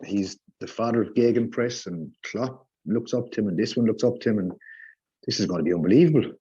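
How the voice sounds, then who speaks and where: A man's voice: lowish voice, brisk, mellow, breathy edge, lo-fi sound. A man giving a heated, sarcastic rant in a casual podcast chat. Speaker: podcast guest.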